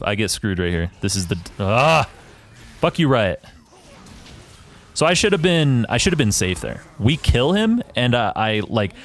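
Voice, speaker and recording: Brief: gamer guy reviewing his match, analytical but foul-mouthed, pitch swings a lot as he talks. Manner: profane, ranting, self-assured. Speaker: gaming YouTuber reviewing his own match. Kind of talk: casual gameplay commentary.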